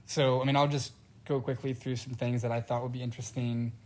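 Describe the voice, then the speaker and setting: A man's voice: mid-range voice, little pitch movement, a little fast. A man attending a group meeting, introducing himself in a hesitant, thoughtful way with fillers.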